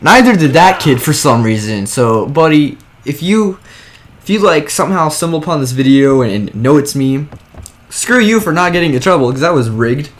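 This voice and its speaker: A man's voice: fairly high pitch, moderate pace. A young man telling a story in a casual, rambling way, filling it with "like" and "whatever.". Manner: rambling, drops "like" and "whatever" everywhere. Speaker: vlogger. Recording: steady background noise.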